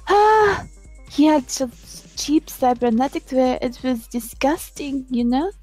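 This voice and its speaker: A woman's voice: sits high, expressive, slow pace, darkish tone, faint music behind. A woman playing a tabletop role-playing game, speaking with prim, mock-genteel manners in character. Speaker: player.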